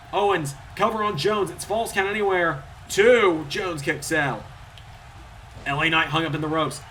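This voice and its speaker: A man giving solo play-by-play commentary over a wrestling video game, getting louder and higher at the big moves. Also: slight background noise. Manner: excitable, rises in pitch and volume at big moves.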